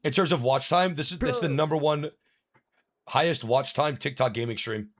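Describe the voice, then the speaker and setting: A man's voice: fairly high pitch, normal speed, no echo. A man livestreaming a game, talking to chat in frustrated rants and swearing freely. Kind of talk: gaming livestream commentary.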